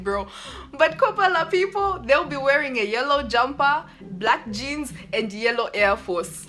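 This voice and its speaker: Woman in her twenties, sit-down vlog on a phone camera, bright, a bit high, faint music behind. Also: measured pace. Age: 20s. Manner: animated, laughing, mimics others. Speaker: YouTuber.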